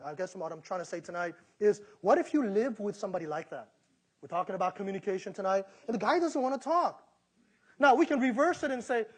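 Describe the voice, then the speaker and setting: A middle-aged male pastor giving a sermon, preaching with energy and acting out the voices he quotes. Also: high-pitched.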